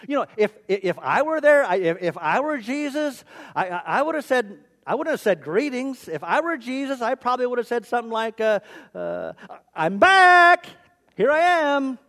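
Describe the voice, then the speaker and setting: A man preaching a sermon as pastor, animated and repetitive, with self-mocking humor. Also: very high voice, fairly quick.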